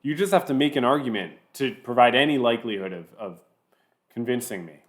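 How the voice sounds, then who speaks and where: A man's voice: mid-range voice, animated. A man commentating on a video he is watching, mocking it sarcastically and stopping it to make his points. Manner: sarcastic, pausing the clip to mock it. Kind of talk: reaction commentary.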